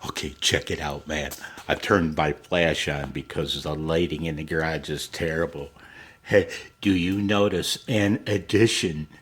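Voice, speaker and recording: A man with a deep voice vlogging casually at home and in his garage, laid-back and quick to laugh, saying "man" a lot. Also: steady tone, a bit bright, husky. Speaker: ham radio vlogger. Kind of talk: casual vlog chat.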